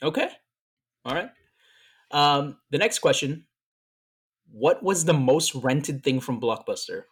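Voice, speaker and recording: This podcast co-host has a slightly high, expressive voice with a breathy edge, and he speaks slowly. In casual chat he tells stories in a playful, teasing way, stumbling over his fillers.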